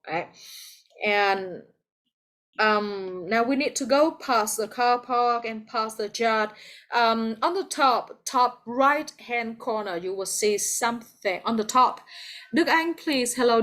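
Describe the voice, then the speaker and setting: A woman's voice: a little high, fairly bright tone. A woman with a Vietnamese accent teaching an English class over a video call, patient and encouraging, calling on students by name.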